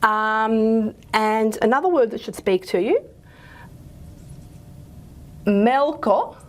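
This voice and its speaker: A woman's voice: fairly high pitch, lively intonation, slow pace. A woman lecturer, giving a linguistics lecture in a chatty way, often stopping to correct herself. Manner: chatty, self-correcting, many fillers. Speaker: university lecturer.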